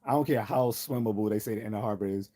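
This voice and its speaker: Dude on a livestream ranting, warm dark voice, cussing and cracking himself up. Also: male voice, on the low side, fast. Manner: rambling and profane, laughing often at his own jokes. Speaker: livestream host. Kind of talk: casual livestream rant.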